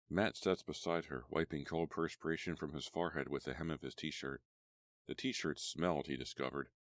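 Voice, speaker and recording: A man with a very deep voice reads a horror audiobook in a measured, steady way. The recording is dry and close. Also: no echo. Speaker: audiobook narrator. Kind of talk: scripted horror audiobook narration.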